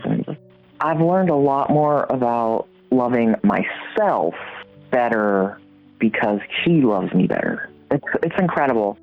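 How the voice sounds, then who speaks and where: A middle-aged woman, a podcast guest, telling a personal story and acting out her own reactions with big jumps in pitch. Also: big pitch swings, takes it slowly. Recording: tinny phone-like sound with faint music.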